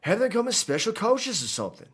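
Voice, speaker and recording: A man voicing an eager, flattering male academy director in an attempted Creole drawl while reading game dialogue aloud. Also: mid-range voice, a little fast.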